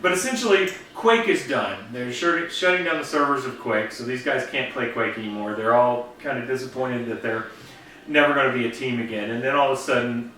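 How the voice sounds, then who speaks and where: Brief: co-host guy, rambling casual recap, bright voice, echoey room with a far-off mic. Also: mid-range voice. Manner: rambling retelling with quick voice impressions. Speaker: co-host of a review show. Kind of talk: casual review chat. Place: basement movie room.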